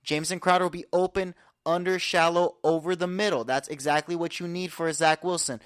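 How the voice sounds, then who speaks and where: A man hosting a podcast, giving an energetic, confident sports breakdown full of statistics. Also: a little high, brisk, clear, resonant tone, dry recording, clean studio sound. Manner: energetic, confident, stat-heavy rundown. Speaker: podcast host. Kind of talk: casual sports analysis talk.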